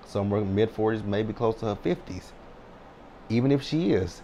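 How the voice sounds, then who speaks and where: A man's voice: lowish voice, a little fast, warm tone, a little hiss or hum. A man in his thirties giving a blunt, sassy, chatty recap of a reality show. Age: 30s. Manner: sassy, blunt, chatty with frequent "child" and "right?". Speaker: TV recap host.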